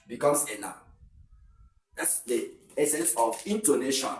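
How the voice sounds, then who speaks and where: A man's voice: mid-range voice, lively intonation, unhurried, pauses often, a little mellow, far from the mic. A man teaching an exam-prep English lesson, saying words over with shifted stress and giving example sentences. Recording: echoey room, voice away from the mic.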